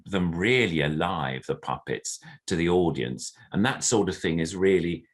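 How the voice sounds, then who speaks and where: A man's voice: low voice, expressive, normal speed. An older man, a veteran puppeteer, explaining his craft in an interview over a computer video call and now and then demonstrating little puppet voices. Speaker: puppeteer guest.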